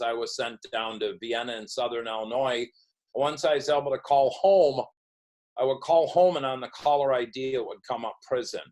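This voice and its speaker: A middle-aged man with a medium-pitched voice is interviewed on a podcast about his recovery, storytelling and acting out others' words. The recording is low in quality.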